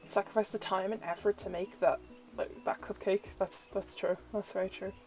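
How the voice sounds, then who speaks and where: Chatty young woman tarot reader, says like a lot, gushes over the pretty cards, soft music behind her. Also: mid-range voice, fairly even intonation, moderate pace, poor audio. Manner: gushing, easily delighted. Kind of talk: casual oracle deck flip-through.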